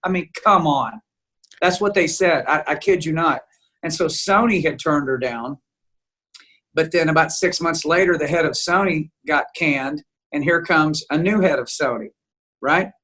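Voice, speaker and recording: A man being interviewed as a guest songwriter, telling an animated story and acting out the dialogue. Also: a little high, moderate pace, slightly rough. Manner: lively storyteller who acts out quoted dialogue. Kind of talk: animated storytelling in casual chat.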